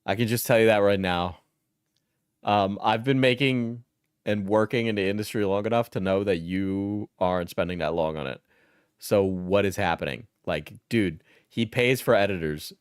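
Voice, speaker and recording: A man's voice: on the low side, normal speed, clear, resonant tone, no echo, clean studio sound. A young man from New England giving casual reaction commentary as a streamer, blunt and rambling, swearing often.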